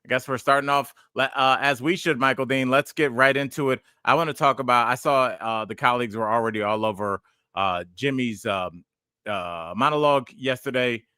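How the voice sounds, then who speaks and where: A man's voice: mid-range voice, moderate pace, pushed and bright, clean tone, no echo, clean studio sound. A man in his forties, a podcast host and stand-up comedian, chatting casually and telling rambling, digressive stories.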